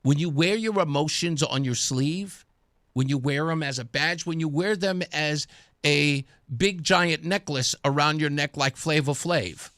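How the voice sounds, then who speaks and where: A man hosting a conservative talk radio show, taunting and combative, getting loud and excited as he goes. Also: on the high side, unhurried, dry recording, studio quality. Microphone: studio microphone.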